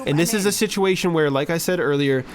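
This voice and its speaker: Male streamer for a coaching review, slightly high voice, chatty and encouraging, repeats his pointers. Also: fast talker, a little hiss or hum. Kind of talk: casual gameplay review coaching.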